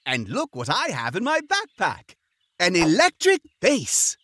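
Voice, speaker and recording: A man's voice: high voice, wildly swooping pitch, no room sound, heavily acted. A man voicing a friendly frog who teaches a lullaby to preschoolers. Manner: gentle, slow and instructive. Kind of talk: children's sing-along.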